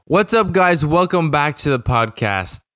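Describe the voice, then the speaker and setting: A man's voice: on the high side, sing-song, unhurried, bright, forceful tone, clean tone, no room sound, clean studio sound. A young man hosting his own podcast, talking casually in a rambling, profane way and often restarting his sentences. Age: young adult. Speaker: podcast host.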